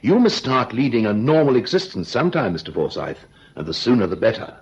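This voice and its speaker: An actor playing a firm, brisk male hospital doctor in a vintage radio drama, reassuring yet stern. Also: medium pitch, big pitch swings. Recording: dull lo-fi old radio recording.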